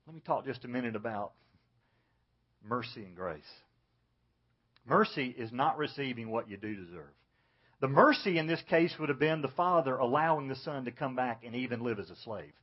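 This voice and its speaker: A pastor preaching an earnest sermon, dropping low and soft to stress his points. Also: lively intonation, moderate pace, breathy edge, muffled recording.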